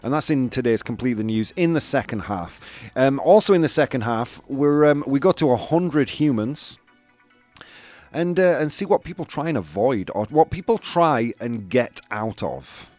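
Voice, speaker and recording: A man's voice: mid-range voice, lively intonation, normal speed, a little mellow, no room sound, faint music behind. A man hosting a live stream, chatting casually with his audience, reading their messages and poking fun at himself. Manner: chatty, self-mocking, reads out chat messages. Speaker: live-stream show host.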